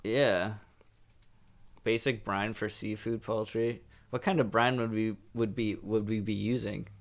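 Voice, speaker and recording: A man's voice: lowish voice, fairly even intonation, unhurried. A young man co-hosting a podcast, chatting casually and joking as he reads search results aloud. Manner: jokey, reads web results aloud in a mock posh voice. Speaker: podcast co-host. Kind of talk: casual chat.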